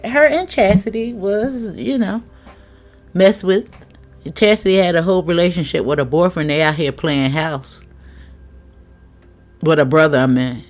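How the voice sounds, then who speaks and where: A woman with a medium-pitched, slightly mellow voice gives casual, frank tarot reading commentary, chatting, swearing freely and laughing often.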